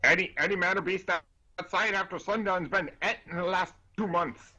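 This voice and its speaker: Brief: frantic rustic dwarf barking orders, put on by a game master, high and bright. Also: male voice, highs cut off, full character voice. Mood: grim. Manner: shouting, hurried, rustic. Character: urgent auburn-haired dwarf man, hollering.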